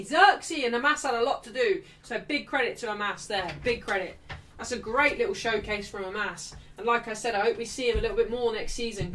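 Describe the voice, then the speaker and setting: Far from the mic, a young woman with a fairly high-pitched voice leads a live football watchalong. She gets excited over the action and reads out messages from the viewers' chat.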